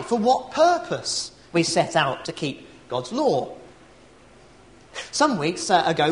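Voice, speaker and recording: Guy preaching, voice rises and falls a lot, asks questions back at the room. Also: high-pitched. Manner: reflective, with rhetorical tag questions and restarts. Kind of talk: evening sermon.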